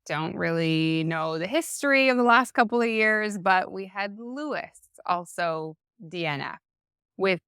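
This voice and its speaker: A woman's voice: mid-range voice, animated, a little slow, fairly bright tone, smooth, dry recording, clean studio sound. A woman co-hosting a sports podcast, chatting casually and drawing out her points with many fillers. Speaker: podcast co-host.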